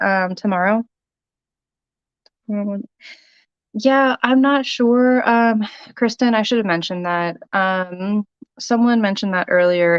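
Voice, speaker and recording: A woman's voice: medium pitch, clear, resonant tone, no room sound, lo-fi sound. A woman selling jewelry on a casual livestream, chatting with viewers by name with lots of ums. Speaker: live-sale jewelry seller.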